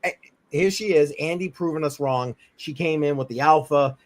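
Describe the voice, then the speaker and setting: A man's voice: on the high side, normal speed, dry recording. A man with a New England accent hosting a loose, casual livestream chat, rambling, repeating himself and laughing often. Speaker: host.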